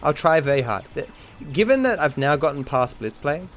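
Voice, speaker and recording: A man's voice: on the high side, sing-song, normal speed, faint music behind. A man commentating his own speedrun on a livestream, swearing often and chatting to viewers, frustrated and self-mocking. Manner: swears often, talks to chat between attempts. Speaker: speedrunning streamer. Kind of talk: live gameplay commentary.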